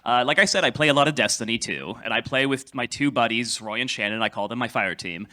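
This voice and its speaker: A man on a convention panel telling animated, laughing anecdotes about his voice acting work. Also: mid-range voice, fast. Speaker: voice actor panelist. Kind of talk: casual convention panel storytelling.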